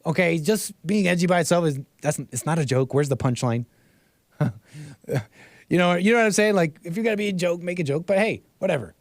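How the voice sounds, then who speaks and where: A man's voice: sits high, a little fast, no room sound, studio quality. A man giving casual livestream commentary, rambling and restarting phrases, tagging his points with "right?" and chuckling between remarks. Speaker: livestream host.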